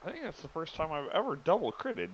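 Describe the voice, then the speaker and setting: A man playing a tabletop game, stating his actions in an unhurried drawl. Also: fairly high pitch, wildly swooping pitch, lo-fi sound, slight background noise. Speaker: player. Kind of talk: casual tabletop game play.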